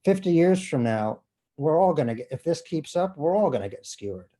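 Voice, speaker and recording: A man interviewed as an author, talking in an animated, self-deprecating and profane way. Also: fairly high pitch, a little fast. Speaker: author guest. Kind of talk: conversational interview. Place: bookstore event.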